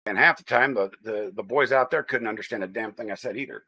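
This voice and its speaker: A man's voice: fairly low pitch, fast, sharp tone, slightly rough. An American man hosting a casual livestream, chatting in a rambling way and greeting viewers by name. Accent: General American. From United States. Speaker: livestream host.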